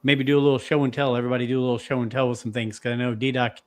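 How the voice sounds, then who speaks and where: Guy hosting a chill podcast, upbeat, normal pitch, just chatting. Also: level tone, racing. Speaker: podcast host. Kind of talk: casual chat.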